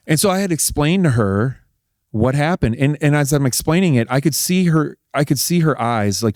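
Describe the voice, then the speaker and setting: A middle-aged man, an interview guest telling a personal story in a casual, animated way and acting out what people said. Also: fairly high pitch, moderate pace, dry recording, studio quality. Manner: animated, acts out quoted dialogue. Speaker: interview guest, husband of a politician.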